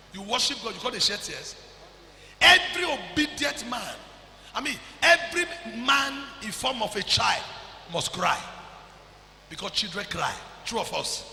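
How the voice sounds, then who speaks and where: A Nigerian preacher delivers a fervent sermon, his high, swooping voice leaping into sudden shouts. His tone is bright and piercing with a gravelly edge, and it rings out through an echoey church hall with a long tail of reverb. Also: slight background noise. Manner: fervent preaching, bursts into shouts, mixes in pidgin. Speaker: pastor.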